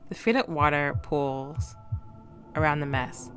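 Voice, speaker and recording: A woman's voice: low-pitched, slow pace, fairly bright tone, soft background music. A woman streaming a horror game, reading its narration and dialogue aloud and breaking off to react.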